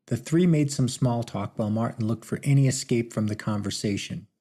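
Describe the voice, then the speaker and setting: Male audiobook narrator, low, husky, dark, gravelly, unhurried. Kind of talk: scripted narration.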